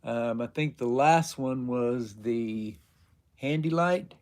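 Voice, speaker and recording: A man hosting a casual live stream, answering viewers' chat questions in a rambling, halting way with many fillers. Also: mid-range voice, a little mellow. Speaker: livestream host.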